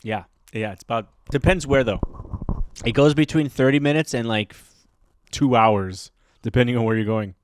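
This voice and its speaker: A man's voice: medium pitch, moderate pace, clear, resonant tone, dry recording. A man from Canada co-hosting a podcast, telling stories in a rambling, hesitant way full of fillers. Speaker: podcast co-host. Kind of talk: casual chat.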